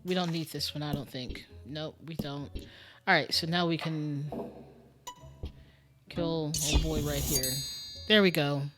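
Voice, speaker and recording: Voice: medium pitch, fairly even intonation, unhurried, long pauses, over music. A streamer thinking aloud during a casual live-stream game commentary, muttering and musing with lots of fillers.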